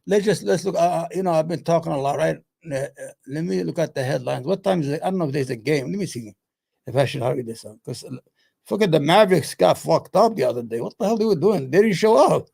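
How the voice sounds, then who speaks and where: A man with a notably high-pitched speaking voice and a gravelly edge hosts his own channel. He rambles casually, swears freely and mutters to himself while he hunts for clips, then launches back into his opinions. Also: animated, fast talker, darkish tone. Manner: loose, profane, muttering to himself between points. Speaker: solo commentary host.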